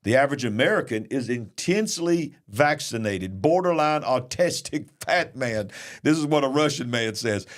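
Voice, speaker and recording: A man's voice: medium pitch, normal speed. A man, a preacher hosting a news commentary show, reading headlines and commenting emphatically. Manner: animated, reads news then comments emphatically. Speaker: host and preacher.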